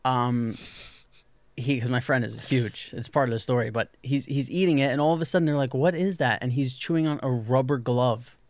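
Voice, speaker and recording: A man spinning an animated anecdote for his co-hosts, tossing in "like" constantly and slipping into the voices of the people in his story. His pitch sits in an ordinary middle range. The sound is dry and close, with no room around it. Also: fairly quick, dry recording. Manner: animated storyteller, lots of "like", acts out quoted people. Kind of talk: casual storytelling chat.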